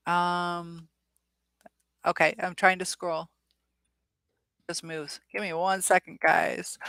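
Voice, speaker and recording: Female live-stream host, lowish bright voice, dry close mic, casual and chatty with viewers. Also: fairly even intonation, slow, gravelly, pauses often, dry recording. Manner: chatty, reads viewer comments aloud with filler ums.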